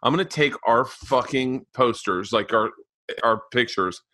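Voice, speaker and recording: A comedian tells an animated story on a podcast, laughing through his own punchlines. His voice has a bright edge at an average pitch for a man. The sound is dry and close, with no room around it. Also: a little slow, dry recording.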